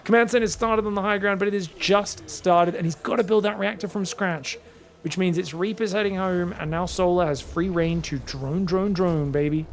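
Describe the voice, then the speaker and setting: A man commentating a strategy game solo, quick excitable play-by-play with casual asides to his viewers. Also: high voice. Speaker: esports caster.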